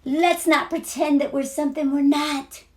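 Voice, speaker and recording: A woman's voice: sits high, steady tone, normal speed. A woman giving a blunt, sarcastic, exasperated rant about a TV show. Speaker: video creator.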